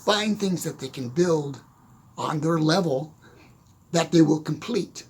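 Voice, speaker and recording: A man in his sixties giving a casual motivational talk, telling stories in an animated way and chuckling often. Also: a little high, a little slow, slightly rough. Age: 60s. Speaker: motivational speaker.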